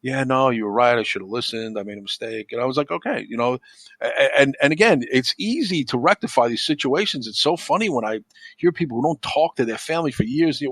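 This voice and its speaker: A man's voice: mid-range voice, expressive, fast talker, fairly bright tone, no room sound. A man chatting as a podcast guest, telling stories with plenty of swearing and acting out the arguments he quotes. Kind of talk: casual chat.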